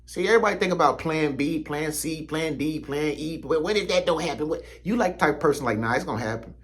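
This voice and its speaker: A spiritual content creator gives a casual motivational talk, speaking straight to the viewer. His voice is a little high and fairly quick, and his manner is preachy, slangy and repetitive.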